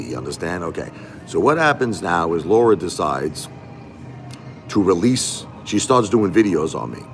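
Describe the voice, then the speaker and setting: An aggrieved man talks straight to his live-stream viewers in a casual monologue. He repeats himself and keeps asking them rhetorical questions. His voice sits fairly low, and faint music plays behind him. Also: sing-song, normal speed.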